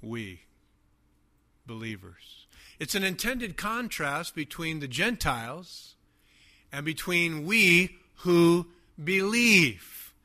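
Male pastor, sermon, emphatic, repetitive, very bright forceful tone, slow. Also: on the high side, very animated. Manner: emphatic, repetitive, drops to quiet asides.

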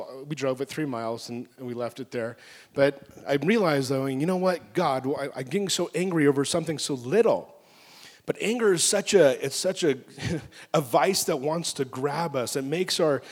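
A man preaching a sermon, telling stories in an animated way and acting out his own angry outbursts. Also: medium pitch, big-room sound. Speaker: pastor.

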